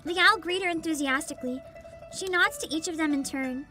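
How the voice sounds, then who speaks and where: A woman's voice: very high voice, a little fast. A woman streaming a game, reading its text aloud and chatting casually with wry remarks. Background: game music.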